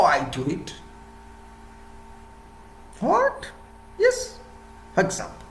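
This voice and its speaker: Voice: mid-range voice, echoey room, a little hiss or hum. An engineering lecturer in a rambling, playful monologue who asks rhetorical questions and answers them.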